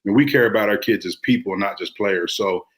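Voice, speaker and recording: A man who coaches high school football, talking in a relaxed, reflective way with many fillers on a sports podcast. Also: brisk. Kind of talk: casual sports talk.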